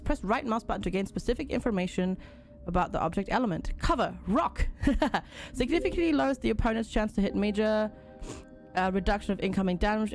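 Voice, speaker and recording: A woman live-streams a game, chatting casually, reading tutorial text aloud and thanking her viewers. Her voice sits at an average pitch with a lot of gravelly vocal fry. Game music plays faintly underneath. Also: a little mellow.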